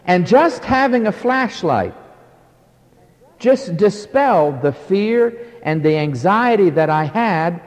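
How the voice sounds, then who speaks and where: Slow, echoing preacher in a hall. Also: male voice, high-pitched, lively intonation. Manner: emphatic, rising and falling preaching cadence. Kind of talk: sermon.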